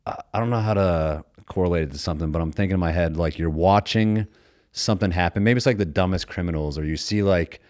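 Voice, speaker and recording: A man's voice: low-pitched, fast, darkish tone, no room sound, clean studio sound. A man in his thirties hosting a podcast, talking in a rambling, opinionated way about current events. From United States. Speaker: podcast host. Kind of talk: casual chat.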